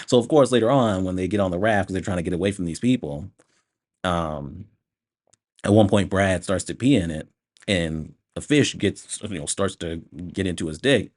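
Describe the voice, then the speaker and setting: A man's voice: low-pitched, moderate pace. A man giving a casual spoken movie review, ranting animatedly with frequent swearing and laughter.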